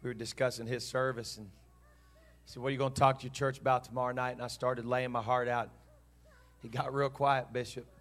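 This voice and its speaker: A man's voice: mid-range voice, flat delivery, fairly quick, fairly bright tone. A man preaching a sermon, telling a story in an earnest, heartfelt way and voicing both sides of a dialogue. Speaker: pastor.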